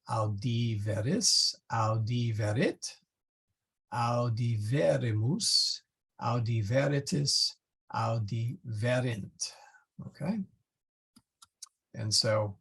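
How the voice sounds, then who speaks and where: A man teaching a Latin class, explaining slowly and patiently with many fillers. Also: medium pitch, creaky, a bit bright, husky. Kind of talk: online class lecture.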